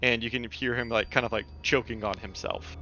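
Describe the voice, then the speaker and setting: A man's voice: mid-range voice, fairly even intonation, a little fast, sharp tone, a little hiss or hum. A man narrating as game master of a tabletop game, with loose, filler-filled description. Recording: dull lo-fi voice call with faint music.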